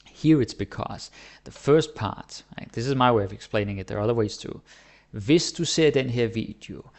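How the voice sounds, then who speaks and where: A man teaching his language in a relaxed, chatty way, often checking in with "right?". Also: medium pitch, normal speed. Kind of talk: casual explanatory lesson.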